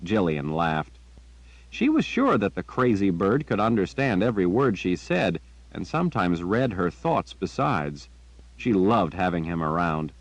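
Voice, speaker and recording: A man reading a fantasy novel aloud as a narrator, with measured, unhurried storytelling. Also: sits low, sing-song, no room sound, rough recording. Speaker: audiobook narrator. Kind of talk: scripted narration.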